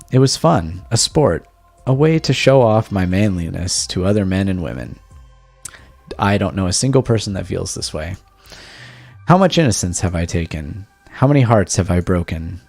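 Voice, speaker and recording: A man's voice: low voice, darkish tone, no echo. A man voicing a young husband who has just woken from a coma, sounding bewildered as he reads a text game aloud.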